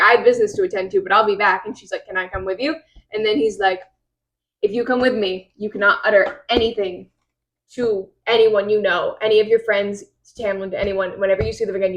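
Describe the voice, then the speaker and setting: A woman's voice: medium pitch, poor audio. A woman recapping a novel's chapters in casual, rambling podcast chat, acting out the characters' lines. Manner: rambling retelling with quoted voices. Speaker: podcast host.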